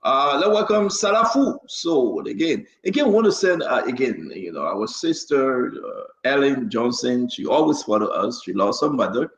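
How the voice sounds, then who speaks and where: A man's voice: mid-range voice, big pitch swings, normal speed, hardly any pauses. Man greeting viewers in an echoey room. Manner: reads out viewer names one by one, stumbling over hard ones. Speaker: show host and preacher. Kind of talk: live show greetings. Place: New Jersey area.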